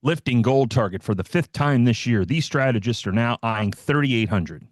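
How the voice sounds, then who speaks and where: A man's voice: mid-range voice, expressive, moderate pace, no echo, clean studio sound. A man hosting a live trading stream, giving casual market commentary in a loose, joking way with plenty of fillers. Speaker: host of a trading livestream.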